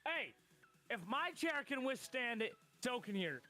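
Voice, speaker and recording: A man's voice: extremely high pitch, sing-song, a little slow, over loud music. A man playing a tabletop game over voice chat, brash and profane, trash-talking his friends. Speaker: player. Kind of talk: casual tabletop banter.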